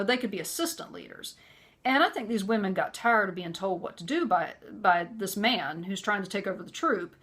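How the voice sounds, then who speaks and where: A woman recounting her own experiences in an earnest, conversational manner. She talks at a moderate, middle pitch and keeps filling her pauses with "you know". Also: a bit bright. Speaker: vlogger. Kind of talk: personal storytelling.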